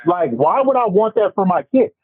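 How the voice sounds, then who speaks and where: A man on a casual podcast discussion, ranting in an animated, profane way. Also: high voice, normal speed, husky, no room sound. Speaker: podcast panelist. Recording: tinny phone-like, dry sound.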